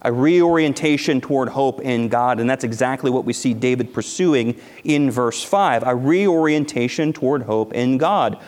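A man preaching a sermon as pastor, earnest and emphatic, repeating phrases and dropping his voice very low at key points. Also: moderate pace, few pauses, a little mellow. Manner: earnest, emphatic preaching with repetitions and dramatic drops to near-whisper. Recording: hall reverb.

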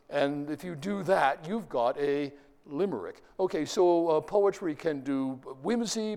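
A man's voice: on the high side, a little mellow, in a large hall. A middle-aged man giving a classroom lecture, quizzing the class and reading verse aloud with rhythm. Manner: asks the class questions, reads verse aloud, taps out rhythms.

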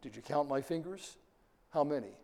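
A man's voice: a little high, expressive, moderate pace, a little mellow. Man lecturing in a reverberant hall. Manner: asks the class questions, reads verse aloud, taps out rhythms. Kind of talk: classroom lecture.

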